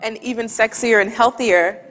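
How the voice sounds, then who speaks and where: A woman with a fairly high voice gives a humorous storytelling talk from a stage. She is lively and laughs at her own anecdote, speaking into a headset or lapel mic. Her voice carries a long reverb off a large hall. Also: normal speed.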